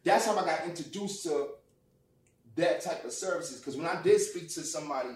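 A man tells a personal story in casual, profane talk and acts out the people in it. His voice sits a bit high for a man. He is heard from off the mic, and the room echoes around him. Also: brisk, distant mic. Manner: animated, profane, acts out quotes loudly. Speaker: guest.

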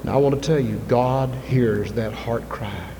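A man preaching a sermon in a church, moving from soft, intimate asides to loud, fervent appeals. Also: mid-range voice, a little slow. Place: church sanctuary. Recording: long reverb, faint ambient noise.

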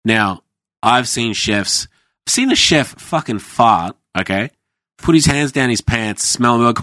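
A man's voice: medium pitch, animated, measured pace, pushed and bright, no room sound, clean studio sound. A man in his thirties, a former chef, telling blunt, sweary stories in casual podcast chat and acting out other people's lines. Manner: sweary storytelling, acts out quoted voices.

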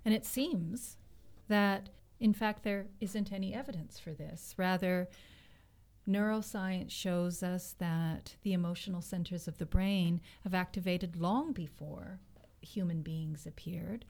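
Woman, co-host, slight vocal fry, measured and explanatory, casual academic talk. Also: on the low side, a little mellow.

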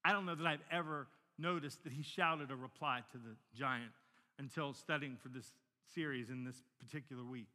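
A man's voice: medium pitch, fairly quick, sharp tone, big-room sound. A pastor in his forties, telling stories animatedly in a sermon and often repeating words as he restarts a sentence. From Northern Virginia, United States.

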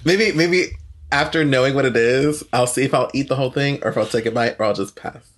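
A man's voice: mid-range voice, fairly quick. A man co-hosting a casual chat, asking curious questions with lots of hesitant fillers. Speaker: podcast co-host.

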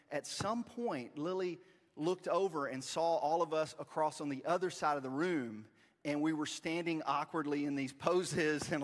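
Preacher, man in his forties, animated storyteller with a slightly high voice, long church reverb. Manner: storytelling, self-deprecating and animated. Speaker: pastor. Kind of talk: sermon. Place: church sanctuary.

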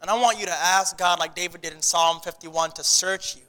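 A man preaching a sermon in a church, animated and often restarting his sentences. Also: high voice, brisk, big-room sound. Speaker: pastor.

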